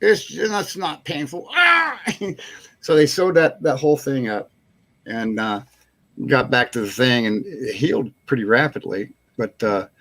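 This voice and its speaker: A man hosting a casual live chat show, telling a long rambling anecdote, chuckling and acting out what people said. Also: on the low side. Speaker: host.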